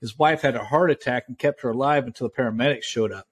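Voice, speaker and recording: A man's voice: mid-range voice, fast, slightly rough. A man with a mid-range voice, a US army veteran, talks things over in a casual chat. He stammers and restarts as he thinks aloud.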